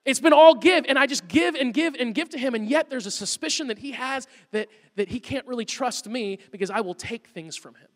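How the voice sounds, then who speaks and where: A man in his thirties, a pastor preaching a sermon, telling a funny, animated story about his son. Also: very high-pitched, fairly quick, few pauses. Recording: long hall reverb.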